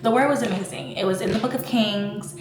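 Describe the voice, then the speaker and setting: Crowd noise and reverb surround a woman in her twenties speaking briskly at medium pitch into her vlog camera. Her personal talk is chatty and full of "like" and "you know," and at moments she's fighting back tears.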